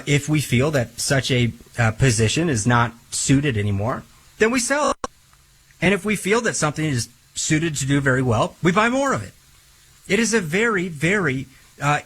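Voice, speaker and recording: A man's voice: on the high side, a bit bright, breathy edge, low-quality recording. A man hosting a radio finance show as a financial advisor, emphatic and repetitive, rambling with fillers. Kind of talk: radio talk show pitch.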